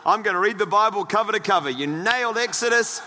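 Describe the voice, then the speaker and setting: A man's voice: high voice, animated, fast, bright, forceful tone, in a large hall, a little hiss or hum. A man preaching a sermon as pastor, joking with the congregation and reading scripture aloud.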